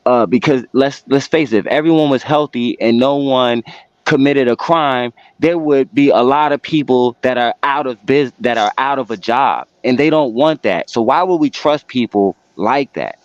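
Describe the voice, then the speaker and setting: A man's voice: medium pitch, normal speed, dry recording, highs cut off. A man in casual podcast chat, raising pointed rhetorical questions with a distrustful tone.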